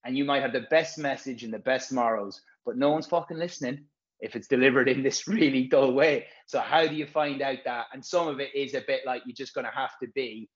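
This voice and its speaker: A man's voice: mid-range voice, a little fast. Man, frank rambling talk, casual podcast chat, slightly muffled audio. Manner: rambling, frank, swears freely. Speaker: physio course presenter.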